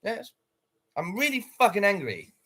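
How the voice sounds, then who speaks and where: A man's voice: high-pitched, wildly swooping pitch, normal speed, sharp tone. A man livestreaming, ranting to his viewers in an aggrieved, swearing, rambling way.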